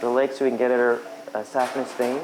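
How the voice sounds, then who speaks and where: A man working as a surgeon, calmly walking a family through an operation, halting and repeating words as he explains. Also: medium pitch, background noise. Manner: halting, repeats words, calm and matter-of-fact. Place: hospital.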